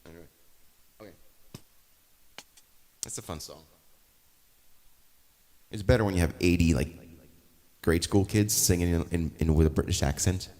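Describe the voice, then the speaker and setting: A man's voice: low voice, normal speed, pauses often, a little mellow. A male musician chatting casually and rambling between songs on a livestream while taking requests. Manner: rambling, offhand. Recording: long reverb, faint guitar behind.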